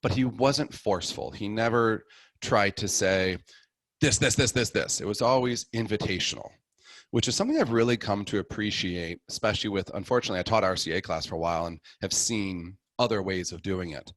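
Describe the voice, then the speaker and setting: His pitch is fairly low and his pace brisk, with no room sound in the recording. A middle-aged show guest, he relates his conversion in an easygoing, animated way, impersonating everyone involved.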